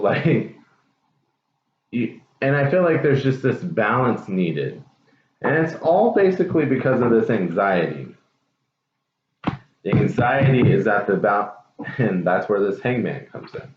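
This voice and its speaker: A man's voice: lowish voice, animated, measured pace. A man giving a casual, chatty tarot reading to viewers, with lots of fillers and trailing thoughts. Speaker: tarot reader. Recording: dull echoey room with faint noise.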